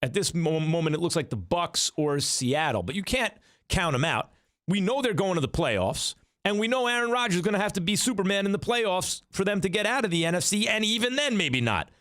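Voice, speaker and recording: Middle-aged male sports radio host, opinionated, animated pitch, dry studio sound. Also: a little fast, dry recording. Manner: argumentative, rhetorical questions, animated delivery.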